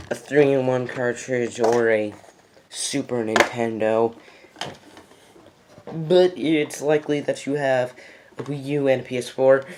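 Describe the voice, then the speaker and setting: Slow, rambling, excitable gaming vlogger. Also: mid-range voice, noisy background. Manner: rambling and excitable, repeats "freaking epic"; loses track mid-sentence and restarts. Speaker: gaming video host. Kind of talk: casual game recommendations.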